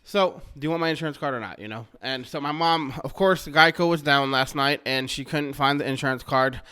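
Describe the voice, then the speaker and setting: A man casually telling a rambling personal story, swearing freely and mocking himself, and getting loud and excited as it builds. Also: medium pitch, a little fast, smooth.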